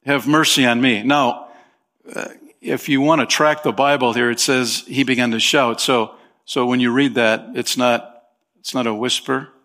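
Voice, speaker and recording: A man's voice: mid-range voice, fairly even intonation, a little slow, fairly bright tone. A man preaching a sermon as pastor of his church, talking in a conversational way with small fillers and emphatic rises.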